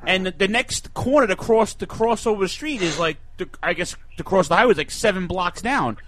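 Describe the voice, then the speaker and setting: A man from New York hosting a talk show, telling stories in an animated, joking way. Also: high voice, brisk, no echo. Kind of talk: casual chat.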